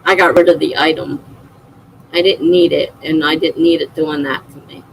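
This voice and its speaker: A woman's voice: low voice, fairly even intonation, normal speed, creaky, slight background noise, rough recording. A middle-aged woman hosting a livestream, chatting casually and laughing often as she reads viewer comments aloud. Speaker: livestream host.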